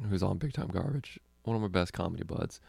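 A young man with a low, gravelly voice chats loosely as a comedy podcast host. He rambles, swears freely and laughs often. The recording is dry and close. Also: lively intonation, quick pace, a little mellow, no echo. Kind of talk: casual podcast chat.

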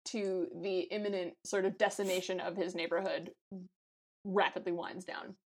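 A woman co-hosting a podcast in casual chat, animated and quick to laugh, with lots of fillers. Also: fairly low pitch. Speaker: podcast co-host. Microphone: remote call.

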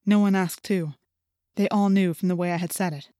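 A woman reading a first-person audiobook in a tense, measured storytelling voice, recorded on a close studio mic. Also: fairly low pitch, fairly even intonation, warm tone, no echo. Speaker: audiobook reader.

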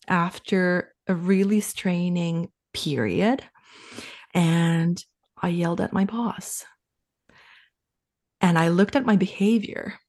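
A woman from Finland in her thirties speaks as a podcast interview guest. Her voice sits a little low. She talks in a reflective, unhurried way and becomes animated whenever she acts out her own past words. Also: gravelly. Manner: reflective, animated when quoting herself. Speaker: podcast guest, sales coach. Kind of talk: casual interview talk.

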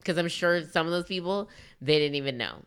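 A woman co-hosting a podcast in casual chat, laughing often and mocking people with quick put-on quotes. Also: low-pitched, clean tone. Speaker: podcast co-host.

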